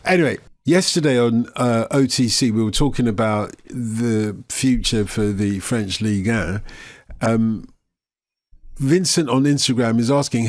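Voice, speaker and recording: A man's voice: mid-range voice, unhurried, no room sound, clean studio sound. A man hosting a casual football podcast, easygoing and jokey as he reads listener questions. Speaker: podcast host.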